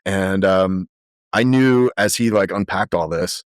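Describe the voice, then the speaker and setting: Podcast guest, male, lowish voice, animated storyteller, dry close sound. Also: a little slow, dry recording. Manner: animated, lively storyteller with frequent fillers. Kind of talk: conversational storytelling.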